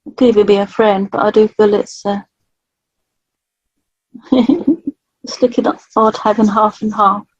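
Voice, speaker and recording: A woman, working as a spirit artist, talking gently and chattily through a live drawing reading and laughing often. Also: medium pitch, fairly even intonation, measured pace, pauses often, slightly rough, no room sound, muffled recording. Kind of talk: live psychic drawing session.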